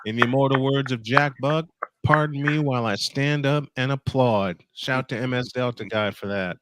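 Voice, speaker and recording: A man's voice: mid-range voice, normal speed, fairly bright tone, a little hiss or hum. A man co-hosting a livestream who mostly chimes in with short agreements. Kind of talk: casual livestream chat.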